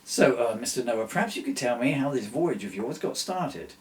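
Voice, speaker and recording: A man's voice: medium pitch, animated, moderate pace, slight background noise, natural voice. A man voicing Eric, an eager time-travelling historian, in a comic story. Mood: earnest.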